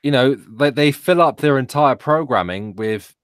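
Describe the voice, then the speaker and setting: A man's voice: medium pitch, animated, normal speed, dry recording, clean studio sound. A British man co-hosting a casual live-stream chat, sardonic and full of hesitant fillers. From Britain. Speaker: co-host.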